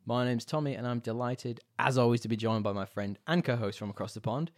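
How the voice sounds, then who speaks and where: A man co-hosting a casual podcast, quick and bantering with frequent laughs. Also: mid-range voice. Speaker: podcast co-host.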